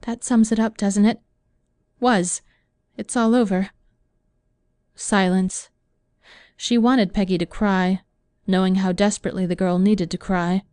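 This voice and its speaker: A woman narrating an audiobook in a measured, even reading voice. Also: medium pitch, clean tone, dry recording. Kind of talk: scripted narration.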